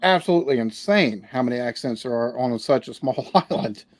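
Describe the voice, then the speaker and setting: A man's voice: medium pitch, lively intonation, fairly quick, dry recording, studio quality. A man from the United States, the guest on a casual interview, who rambles, restarts often and swears casually. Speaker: podcast guest, reaction channel creator.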